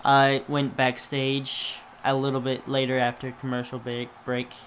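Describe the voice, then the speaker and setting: A man's voice: mid-range voice, monotone, unhurried, fairly bright tone. Teasing man chatting, faint hiss. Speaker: podcast co-host. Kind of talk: casual review chat.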